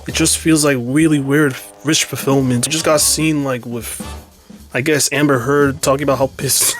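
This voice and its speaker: A man rants his way through a film review in a casual, blunt voice. He swears freely and leans sarcastic, at an ordinary middle pitch. Soft music plays faintly behind him. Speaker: movie reviewer.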